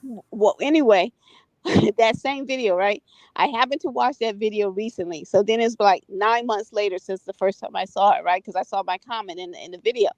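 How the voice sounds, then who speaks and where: A woman's voice: mid-range voice, moderate pace, a little mellow, no echo. A woman from the United States chatting casually, retelling a story and often checking in with "right?" and "you know". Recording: dull, dry lo-fi audio.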